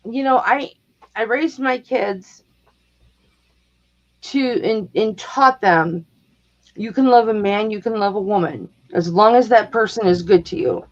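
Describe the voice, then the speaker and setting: A middle-aged woman chatting casually on a livestream, telling stories in an animated way and acting out the people in them. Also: mid-range voice, a little slow, pauses often. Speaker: guest on a livestream. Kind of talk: casual chat, storytelling. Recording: dull lo-fi stream audio.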